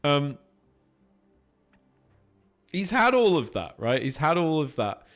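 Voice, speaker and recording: A man's voice: on the high side, sing-song, slow pace, fairly bright tone. Man chatting on a game stream. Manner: swears freely, answers and thanks chat while playing. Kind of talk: casual live-stream chat with viewers.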